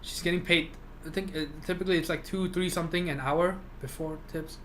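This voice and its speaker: A man's voice: fairly high pitch, fairly even intonation, a little fast, fairly bright tone, slight background noise. A young man streaming live, chatting with viewers in a rambling rant full of fillers and swearing. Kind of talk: casual chat with live viewers.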